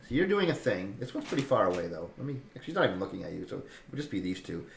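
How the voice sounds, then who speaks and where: A man's voice: deep voice, very animated, very fast, vocal fry. A man narrating as game master, rambling and full of fillers. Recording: echoey room, faint noise.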